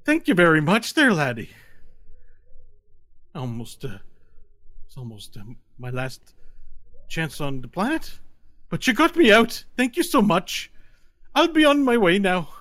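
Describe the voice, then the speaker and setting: A man's voice: sing-song, measured pace, long pauses, no echo, heavily acted. A man voicing a small, unlucky male leprechaun with an Irish accent, pleading to be let go. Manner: high, loud, put-upon pleading.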